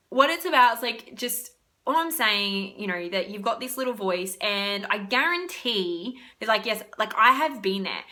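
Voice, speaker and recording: A woman's voice: on the high side, sharp tone. A young woman chatting casually about self-love, rambling with lots of fillers and free swearing. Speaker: spiritual wellness vlogger. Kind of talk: casual self-help talk.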